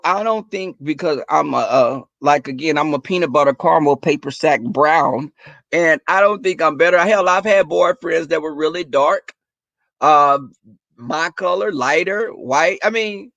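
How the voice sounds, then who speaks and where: Sassy, animated man chatting with viewers. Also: a little high, gravelly, dry recording. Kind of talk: casual chat with viewers.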